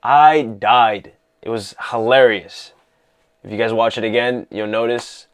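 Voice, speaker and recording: A man casually talking through a film he loved, excited and rambling, full of "you know" and "like". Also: fairly low pitch, a little slow. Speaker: vlogger reviewing a film. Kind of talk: casual movie talk.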